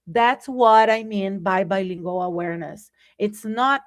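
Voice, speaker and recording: A woman teaching a live online English lesson, speaking deliberately and often checking in with "right?". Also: medium pitch.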